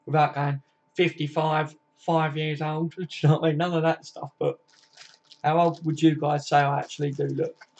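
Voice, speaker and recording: A man's voice: a little high, flat delivery, moderate pace, a little mellow. A man, chatting casually on a live stream. He reads out viewers' comments and answers them by name, swearing freely in a laid-back, matey way. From Kent, England. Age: 20s. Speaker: football fan live streamer. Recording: dull lo-fi stream audio.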